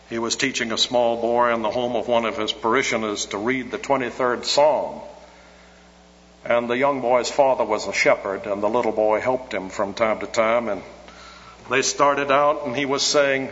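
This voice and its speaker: A man's voice: medium pitch, fairly bright tone. A man preaching a sermon in an earnest way, his voice rising and falling for emphasis. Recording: echoey hall, dull lo-fi sound.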